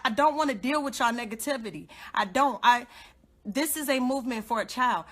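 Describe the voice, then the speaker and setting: A young woman giving an impassioned, confrontational live rant, repeating her points and swinging between loud outbursts and low muttering. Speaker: godmother and activist livestreamer.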